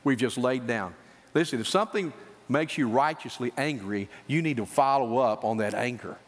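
A middle-aged man preaching a sermon as a pastor, telling stories with lively, acted-out quotes. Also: mid-range voice, normal speed. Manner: animated storytelling preacher, acts out quoted voices. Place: church sanctuary. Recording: church hall reverb.

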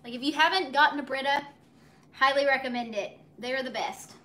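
A woman's voice: sits high, fairly quick, fairly bright tone. A young woman chatting casually to viewers while cooking live in her home kitchen, recorded on a phone on a tripod. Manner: bubbly, chatty, talks to viewers and her dog. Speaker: cooking livestream host.

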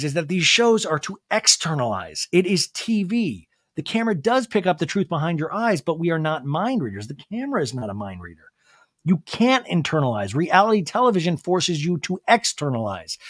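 A man's voice: on the high side, no echo, clean studio sound. A man hosting a podcast, giving a casual, gossipy recap of a reality TV show. He swears freely and acts out the people he quotes. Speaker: podcast host.

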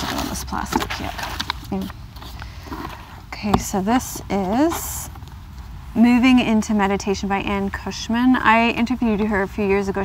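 A woman host talks through her vlog from a car, unboxing gifts and gushing with delight. Her voice sits at an ordinary middle pitch and often jumps higher as she gasps and exclaims. A faint background noise runs under her voice. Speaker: yoga vlogger.

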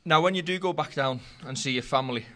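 A man co-hosts a relaxed interview, teasing the guest with playful questions. His voice is bright and slightly high. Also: fast.

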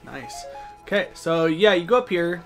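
A young man hosting a let's play, talking casually and swearing loudly at the game. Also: sits high, expressive, faint music behind. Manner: loud, profane, quick frustrated outbursts. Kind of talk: casual gameplay commentary.

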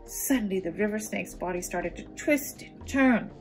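A woman reading a children's storybook aloud, pausing for gentle asides to young listeners. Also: medium pitch, soft background music. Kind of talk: children's read-aloud narration.

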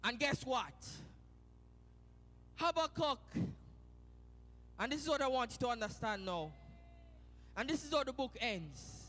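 A Jamaican man preaching a sermon in a church, moving from hushed storytelling to loud shouted preaching. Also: very high voice, expressive, measured pace, long pauses, big-room sound. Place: church sanctuary.

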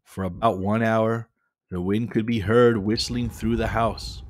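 A man narrating a children's adventure story in a calm, measured way. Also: fairly low pitch, slight background noise. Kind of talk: scripted narration.

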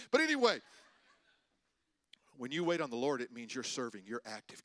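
A man pastor preaching a sermon, telling stories and swinging between loud preaching and hushed asides. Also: mid-range voice, sing-song, moderate pace, pauses often, dry recording. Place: church sanctuary.

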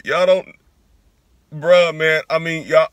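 A man's voice: on the high side, takes it slowly, smooth, dry recording. A young adult man hosting a casual sneaker unboxing vlog, emotional and slangy, talking straight to his viewers. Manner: excitable, emotional, slangy, addresses viewers directly. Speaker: sneaker vlogger.

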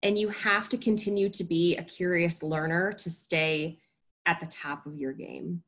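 A woman hosting a podcast, asking measured questions and thanking her guest. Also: lowish voice, steady tone, a bit bright. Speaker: podcast host. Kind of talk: interviewing a guest.

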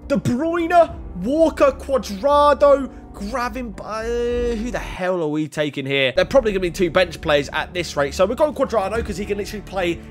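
A young man giving excitable commentary on his own football video game match, shouting at big plays. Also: sits high, moderate pace, faint music behind. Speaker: gaming YouTuber. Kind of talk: gameplay commentary.

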